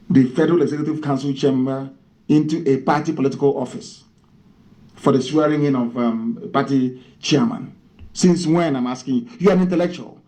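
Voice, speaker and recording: Fiery, high-pitched Nigerian man ranting. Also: darkish tone, rough recording. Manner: fiery, mocking rhetorical questions. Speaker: radio broadcaster. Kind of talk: impassioned radio address.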